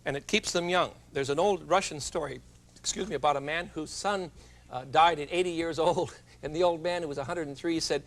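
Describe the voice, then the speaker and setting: A man's voice: a little high, fairly quick, fairly bright tone. Jovial TV cooking host, man. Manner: chatty, jovial, joking asides. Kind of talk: televised cooking demonstration. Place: TV studio kitchen.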